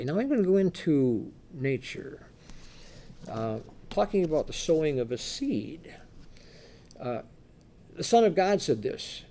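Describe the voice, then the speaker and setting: Man preaching, lively swooping voice, fairly high, rhetorical questions, loud then quiet asides. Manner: animated, rhetorical questions, shifts between loud reading and low asides; reads scripture in slow, emphatic tones. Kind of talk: sermon with scripture reading.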